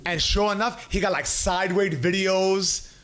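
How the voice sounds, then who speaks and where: A man's voice: high voice, moderate pace, soft background music. A male comedian hosting a podcast, telling stories in casual chat, swearing freely and acting out what people said. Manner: animated storyteller, swears freely, acts out quotes.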